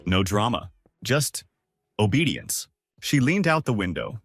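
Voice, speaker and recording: A man's voice: fairly low pitch, very animated, a little slow, husky, no room sound, clean studio sound, soft background music. A man narrating a first-person story with a scripted, dramatic delivery.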